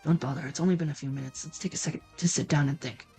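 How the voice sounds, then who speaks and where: Woman reading as a stern male detective in a game: low, curt, gruff. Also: steady tone, racing, darkish tone, faint music behind. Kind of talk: reading a video game aloud.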